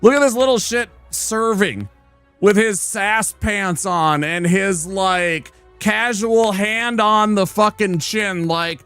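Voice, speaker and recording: A playful male streamer chatting over his gameplay with a fairly high, bright-toned voice. He teases and jokes as he talks, recorded close and dry. Faint music sits in the background. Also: slow pace, clear, resonant tone, no echo. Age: adult. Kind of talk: casual gameplay commentary.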